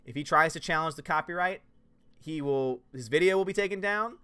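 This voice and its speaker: A man hosting a livestream, reading chat messages and answering in a casual, animated way with loud jokey outbursts. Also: a little high, brisk, smooth, dry recording. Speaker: YouTube channel host reading live chat.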